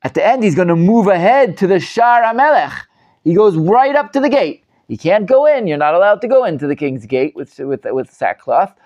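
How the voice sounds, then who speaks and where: A man teaching a live Torah class as a rabbi, animated and emphatic, often restarting and repeating words. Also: sits high, normal speed, muffled recording.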